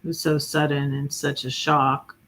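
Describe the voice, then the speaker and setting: A woman hosting a livestream, reading her own poems in a hesitant way with many pauses and fillers. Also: low-pitched, level tone, fairly bright tone. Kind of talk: casual poetry reading on a livestream.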